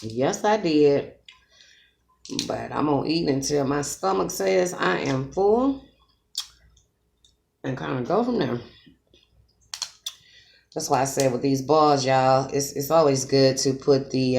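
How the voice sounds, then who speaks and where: A mukbang vlogger with a rumbling low, gravelly, darkish voice eats on camera while chatting to her viewers, calling them y'all. Between bites she hums with pleasure, and there's a little hiss or hum in the recording.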